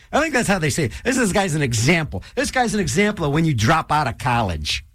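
An older man hosting a radio show, rambling and joking in a loose, animated way in a studio. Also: fast talker, few pauses, no echo. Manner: animated, rambling, jokey, restless pitch swings. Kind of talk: rambling radio host chat.

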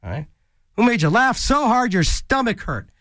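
A goofy man DJing on college radio, rambling from joke to joke. His voice sits high and swings all over the place. The sound is dry and close on a studio mic. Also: huge pitch swings, normal speed, a bit bright, no echo. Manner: goofy, rambling, jokey asides and silly voices. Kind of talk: casual DJ banter. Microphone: studio microphone.

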